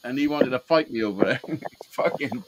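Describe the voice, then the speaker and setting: A man's voice: mid-range voice, normal speed, a little hiss or hum, rough recording. A man hosting a live call-in show, telling stories casually with constant swearing and laughing at his own tales. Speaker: host of a live call-in stream. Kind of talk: casual storytelling chat, heavy swearing.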